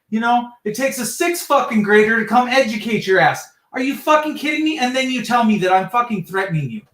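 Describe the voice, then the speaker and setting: A man's voice: extremely high pitch, fairly bright tone, roomy sound. A man ranting heatedly on a livestream talk show, swearing and exasperated.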